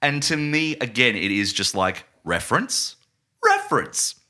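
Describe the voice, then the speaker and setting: A man in a casual podcast chat who reviews a film critically and acts out scenes in quick put-on voices. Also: mid-range voice, animated, sharp tone. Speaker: podcast co-host.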